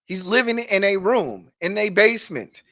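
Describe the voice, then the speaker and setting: High, animated male commentator. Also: moderate pace. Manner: emphatic, repeats words to drive points home. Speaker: commentary host. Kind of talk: casual commentary on a played clip.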